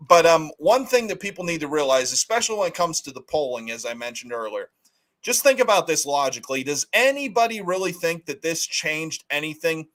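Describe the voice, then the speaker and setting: A man's voice: fairly high pitch, big pitch swings, brisk, a bit bright. A man hosting a casual political livestream, talking bluntly and arguing his opinions. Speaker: livestream host.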